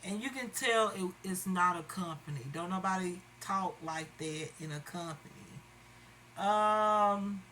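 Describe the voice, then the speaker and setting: A woman's voice: fairly low pitch, a bit bright, slight background noise, low-quality recording. A woman chatting casually to viewers while doing her makeup. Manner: chatty, addresses viewers as y'all. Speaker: beauty vlogger. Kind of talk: casual makeup tutorial chat.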